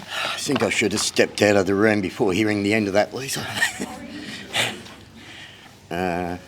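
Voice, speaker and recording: A man's voice: lowish voice, measured pace, noisy background. A man, a close family friend, starting a funeral tribute in a moved, wry way. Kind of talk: funeral speech.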